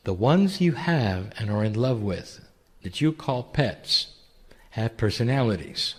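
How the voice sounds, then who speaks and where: A man delivers a channeled spiritual talk in a gentle, intimate, preacherly manner, often putting rhetorical questions to the listener. His low-side voice has lively intonation and a slightly slow pace, with a long reverb tail.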